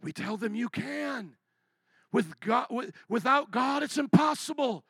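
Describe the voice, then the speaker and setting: A man preaching a sermon as pastor, impassioned, swinging between loud declarations and hushed asides. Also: extremely high pitch, animated, a little slow, creaky, husky, no room sound.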